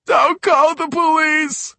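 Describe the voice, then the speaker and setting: A man's voice: steady tone, normal speed, fairly bright tone, dry recording. Wailing drugged-up teen boy. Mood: sobbing. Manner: frantic wailing, high and strained. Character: big drugged-up teen boy, panicked and sobbing.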